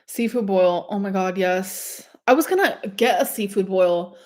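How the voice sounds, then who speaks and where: A woman's voice: medium pitch, a little slow, darkish tone. A young woman chatting casually on a livestream, gushing over food and reading the chat. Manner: chatty and gushing, says "like" a lot. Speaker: streamer reading live chat.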